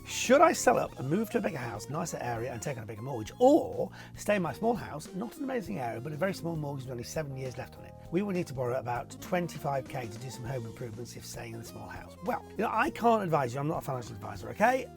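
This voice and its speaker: A middle-aged man from Warrington, England, talks to camera from his home office, answering viewer questions in a chatty, rambling, self-deprecating way. His voice has a gravelly edge. Faint music plays quietly behind him. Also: medium pitch, big pitch swings, quick pace, hardly any pauses. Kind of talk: casual to-camera Q&A.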